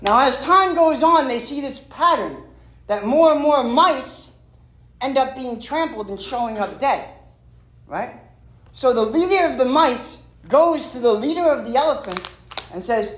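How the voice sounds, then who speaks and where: A man's voice: very high voice, lively intonation, a little slow, fairly bright tone, echoey room, poor audio. A man sharing at a recovery meeting from a stage. He is emphatic and streetwise, and he keeps dropping "man" and "right".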